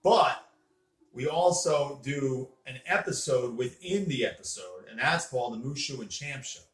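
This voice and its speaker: A man's voice: mid-range voice, lively intonation, unhurried. A man hosting a casual chat with a child, explaining things in an earnest, lecturing way while sitting on a bed indoors. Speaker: host. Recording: roomy echo.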